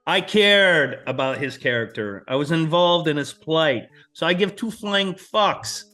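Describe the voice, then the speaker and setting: A man's voice: on the high side, expressive, unhurried, sharp tone. A man co-hosting a casual movie podcast, passionate and profane, humming movie music as he talks. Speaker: co-host.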